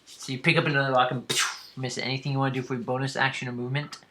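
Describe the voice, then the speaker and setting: A male game master narrates a tabletop adventure in a bright, sharp voice. He stops and restarts often, filling gaps with hesitations. A faint hiss sits under the recording. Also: medium pitch, level tone. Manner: halting, with frequent fillers and restarts.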